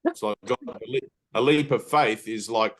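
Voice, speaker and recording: Emphatic middle-aged male spiritual teacher, casual and blunt, mid-pitched voice. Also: moderate pace, a bit bright. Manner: earnest, emphatic, swears casually; frequent "right?" tag questions. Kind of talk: satsang teaching talk.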